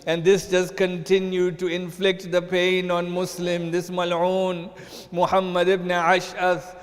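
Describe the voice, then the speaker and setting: A man giving a sermon as a sheikh, telling a mournful story and rising into chanted lament. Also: a little high. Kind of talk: sermon narration. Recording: long hall reverb.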